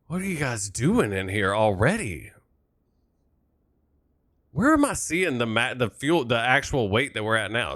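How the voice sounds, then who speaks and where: A man's voice: medium pitch, bright, forceful tone, dry recording, clean studio sound. A young man chatting casually on a live stream, joking, laughing and thanking viewers while setting up a flight.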